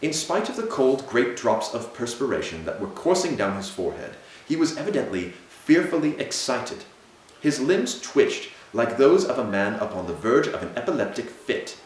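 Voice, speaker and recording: Brief: male reader, lowish voice with a lively swooping delivery, narrating an old ghost story in a very echoey room. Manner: dramatic, measured narration. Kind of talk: audiobook reading of a Victorian ghost story.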